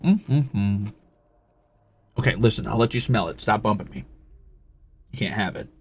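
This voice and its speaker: A man's voice: lowish voice, unhurried, gravelly, breathy edge. A male live streamer in casual chat, teasing and swearing freely as he coos at and scolds his cat.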